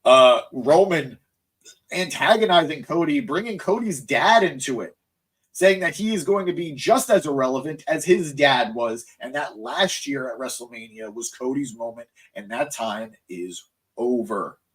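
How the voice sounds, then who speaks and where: A wrestling show host recaps matches on a live stream, his medium-pitched voice animated, unhurried, and a bit bright. He's tired, his voice cracking, as he rambles and gets sidetracked reacting to chat.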